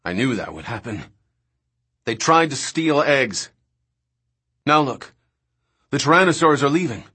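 A man reading an audiobook, voicing a gloomy, resigned man speaking low and quick. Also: expressive, bright, forceful tone, slightly rough, exaggerated voice. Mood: grim.

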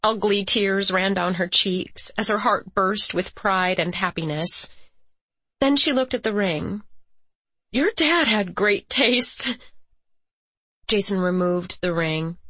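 A woman reading a romance audiobook as its narrator, with measured, even storytelling. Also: medium pitch, dry recording. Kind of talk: scripted narration.

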